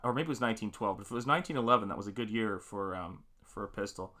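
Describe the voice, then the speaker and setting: A man's voice: lowish voice, racing, pushed and bright. A man hosting a casual live stream from his home art studio while painting, greeting viewers by name and rambling loosely with plenty of fillers. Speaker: livestream host and painter.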